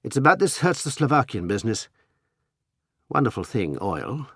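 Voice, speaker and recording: A self-possessed adventurer, cool and assured, with a lively, smiling lift in his tone, as the reader plays him. Slightly husky and recorded close and dry. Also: mid-range voice, normal speed, dry recording. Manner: cool, assured, sometimes soothing.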